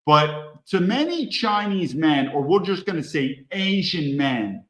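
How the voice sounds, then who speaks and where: A man's voice: on the high side, sing-song, a little slow. Emphatic man ranting in an echoey room. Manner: emphatic, blunt, repetitive. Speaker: host. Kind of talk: ranting commentary stream.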